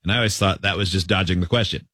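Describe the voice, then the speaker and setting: A man's voice: sits low, rapid-fire, sharp tone, no room sound, studio quality. A man hosting a casual radio show, reading listener texts with playful put-on voices.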